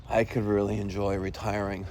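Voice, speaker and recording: A middle-aged man with a lowish voice vlogs casually as he strolls around a resort with pools, chatting to viewers he calls folks and sometimes dropping to a whisper. There's a little hiss or hum in the recording.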